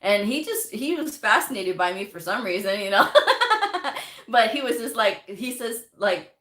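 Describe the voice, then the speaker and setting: A woman's voice: medium pitch, expressive, normal speed, a bit bright, reverberant. A woman from Texas hosting a casual livestream, chatting and answering viewer comments with frequent laughter and fillers. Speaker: medical coding livestream host.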